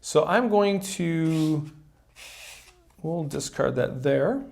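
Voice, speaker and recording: A man's voice: fairly high pitch, expressive, drawn-out words, gravelly, a little mellow. A man hosting a solo card game playthrough, chatting casually as he explains the rules step by step. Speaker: solo board game player and host. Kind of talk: casual tabletop game tutorial.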